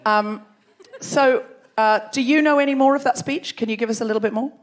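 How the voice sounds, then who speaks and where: A woman's voice: a little high, a little fast. A woman hosting a live comedy show, bantering playfully and teasing the audience from a theatre stage. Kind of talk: live stand-up crowd work.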